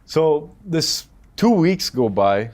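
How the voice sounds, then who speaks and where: This man's voice is a little high, and his pace is slow. He is a film director in his thirties from the United Arab Emirates, animatedly relating anecdotes in a casual interview and quoting what others said as if playing them.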